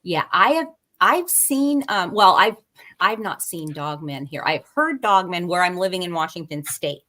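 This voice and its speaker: A woman guest in a casual podcast conversation, talking haltingly with many fillers and restarts. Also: on the low side, expressive, bright, forceful tone.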